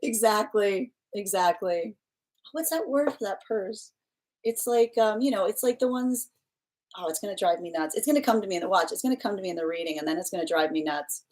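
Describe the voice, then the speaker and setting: A woman's voice: medium pitch, expressive, quick pace, a little mellow. A woman tarot reader chatting casually with viewers on a live stream, giggling often and filling her talk with "like" and restarts.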